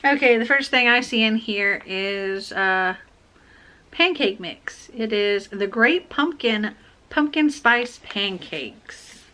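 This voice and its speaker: A woman chatting casually as she unboxes book subscription boxes, gushing excitedly over each item. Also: on the high side, slow pace. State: has the hiccups.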